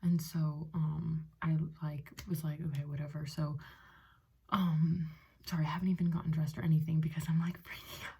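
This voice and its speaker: Late 20s woman vlogging at home, low-ish voice w/ lots of fry, rambly and excited, says like a lot. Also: moderate pace. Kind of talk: casual personal vlog. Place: at home in a bedroom.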